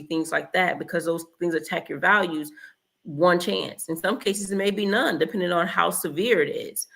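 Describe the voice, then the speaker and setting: A woman's voice: lowish voice, vocal fry, a bit bright. Blunt, emphatic woman giving relationship advice. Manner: emphatic, blunt, acts out example dialogues. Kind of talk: direct-to-camera advice talk.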